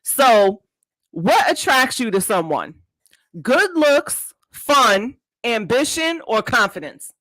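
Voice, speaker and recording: A woman's voice: fairly high pitch, sing-song, slow pace, fairly bright tone, no room sound, rough recording. A woman hosting a podcast, chatting casually in slang, laughing often and reading out multiple-choice questions to her guest. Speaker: podcast host. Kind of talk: casual interview chat.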